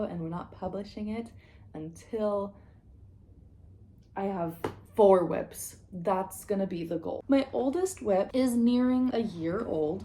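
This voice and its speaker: A woman's voice: mid-range voice, mellow, slight background noise. A woman vlogger chatting casually to her viewers about her crafting projects, with a groggy morning voice, having just woken up. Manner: chatty and self-aware, addresses viewers directly. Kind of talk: casual vlog chat.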